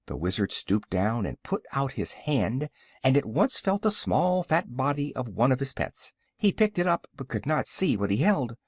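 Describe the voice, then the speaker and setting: A man narrating a children's fantasy audiobook in an expressive, animated way. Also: medium pitch, normal speed, breathy edge, no echo, studio quality. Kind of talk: storybook narration.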